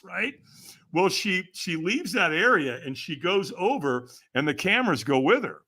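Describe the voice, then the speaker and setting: An older man speaking as a podcast guest, his voice bright and forward. He swings widely in pitch as he tells lively anecdotes and laughs through them. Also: normal speed. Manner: animated, laughs while telling anecdotes. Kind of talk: casual interview storytelling.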